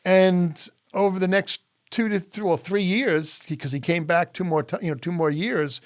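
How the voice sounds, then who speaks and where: A man's voice: sits high, normal speed, no room sound, studio quality. A middle-aged man, a guest on an interview show, telling stories in a conversational way and acting out the quoted dialogue. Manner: animated, acts out quoted dialogue. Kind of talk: conversational storytelling.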